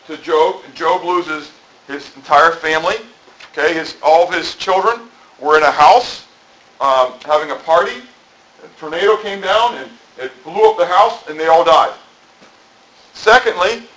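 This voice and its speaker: In a church, a middle-aged pastor preaches a rambling, conversational sermon full of asides. His voice is a little high and a bit bright, and the recording quality is rough.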